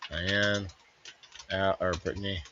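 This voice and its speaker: A man's voice: low voice, flat delivery, slow pace, muffled recording, noisy background. A man hosting a casual live stream, rambling and joking as he greets viewers by name. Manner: rambling, jokey, addresses chat viewers by name. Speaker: livestream host.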